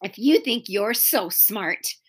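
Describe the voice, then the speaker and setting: A woman reading aloud and voicing an indignant young girl who snaps and shouts at boys. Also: animated, slow, breathy edge. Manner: snapping, high-pitched shouts.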